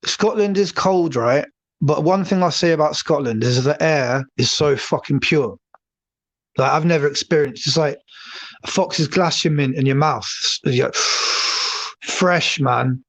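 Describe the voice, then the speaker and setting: An English man with a fairly high voice hosts a casual livestream, talking at normal speed. He rambles and swears as he chats live with viewers.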